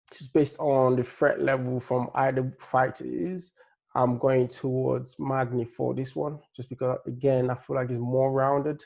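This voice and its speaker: Laid-back man with a gravelly voice. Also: medium pitch, darkish tone. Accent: Nigerian-tinged English. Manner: laid-back, rambling, many fillers and restarts. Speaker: MMA fight analyst. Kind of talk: casual fight-prediction breakdown.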